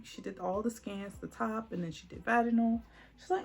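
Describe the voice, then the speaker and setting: A woman's voice: fairly high pitch, fairly even intonation, moderate pace, gravelly, darkish tone, faint music behind. A woman telling a dramatic personal story on her vlog, acting out the voices of the people in it. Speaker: vlogger.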